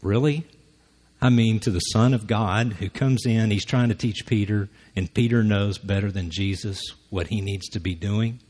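Husky, low-voiced male preacher. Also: moderate pace, a little mellow. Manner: conversational, acts out quoted lines. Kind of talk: sermon.

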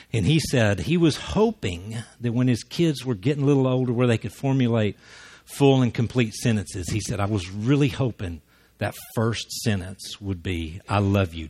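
A man giving a folksy, story-driven talk to a Christian audience, acting out the voices in his anecdotes. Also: lowish voice. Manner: folksy, acts out quoted voices. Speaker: guest speaker.

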